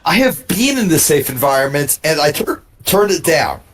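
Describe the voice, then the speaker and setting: A man's voice: fairly high pitch, sing-song, moderate pace, a bit bright, slight background noise. A tipsy man with hiccups, chatting casually as a co-commentator on a game stream, rambling and restarting his sentences. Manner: rambling, self-interrupting storyteller. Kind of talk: casual banter over gameplay.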